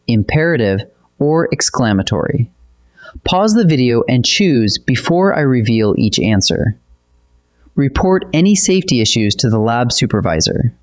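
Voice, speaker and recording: A teacher narrating a scripted grammar lesson in a measured, explanatory way. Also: mid-range voice. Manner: measured, explanatory, lively intonation.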